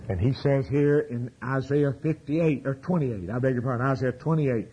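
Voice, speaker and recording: A man preaching a fervent sermon, swinging from hushed lines to loud exclamations. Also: mid-range voice, moderate pace, few pauses, dull audio, a little hiss or hum.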